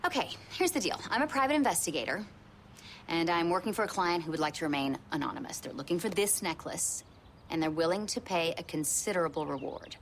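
Bumbling lady PI, all bluster and ums, lowish voice that jumps around. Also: lively intonation, fairly quick, slight background noise. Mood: flustered. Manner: flustered, hesitant, overconfident bluffing. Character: awkward, bluffing petite female private investigator. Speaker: private investigator. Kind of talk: TV drama acting.

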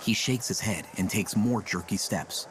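A man reading scripted audio description in a flat, neutral way. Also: on the low side, normal speed, a loud crowd, very noisy.

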